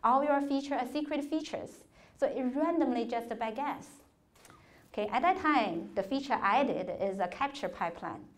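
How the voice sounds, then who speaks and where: A woman's voice: sits high, moderate pace. A woman giving a workshop talk to students, telling career stories in earnest, non-native phrasing with a few restarts. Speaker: conference speaker. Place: lecture hall.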